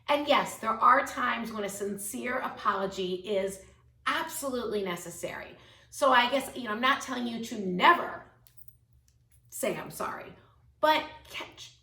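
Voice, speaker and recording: A woman's voice: fairly high pitch, bright, forceful tone, echoey room, far from the mic. A woman in her fifties, a health coach, giving an upbeat, emphatic motivational talk to camera. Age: 50s.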